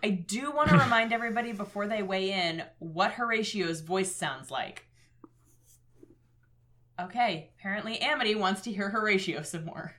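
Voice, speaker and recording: A woman co-hosting a comedy podcast, narrating an adventure book with giggly, joking asides. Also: mid-range voice. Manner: giggly, animated, quick with jokes. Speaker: co-host reading an adventure book aloud. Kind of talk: casual comedic chat and playful narration.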